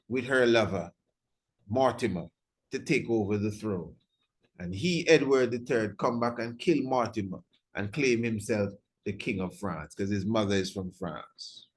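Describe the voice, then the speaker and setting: A man's voice: mid-range voice, slightly rough. A man giving an informal history lecture, emphatic and repetitive, firing rhetorical questions at his listeners and chuckling at his own remarks.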